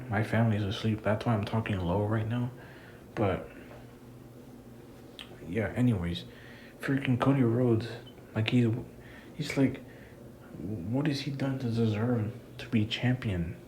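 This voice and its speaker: A man's voice: on the low side, unhurried, pauses often, warm tone, a little hiss or hum, rough recording. A man giving a casual, rambling wrestling review, frustrated and swearing freely. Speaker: wrestling commentator vlogger.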